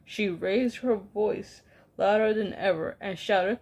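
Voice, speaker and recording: A woman's voice: mid-range voice, slow pace, darkish tone. A woman reading a children's novel aloud, telling the story unhurriedly with small stumbles. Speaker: reader.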